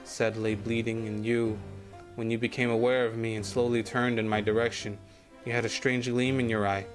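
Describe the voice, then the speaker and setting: A man's voice: mid-range voice, level tone. Man reading a story in a grave voice. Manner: measured, grave, sometimes hushed. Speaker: game streamer reading story text. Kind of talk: dramatic reading of game story text. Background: faint game music.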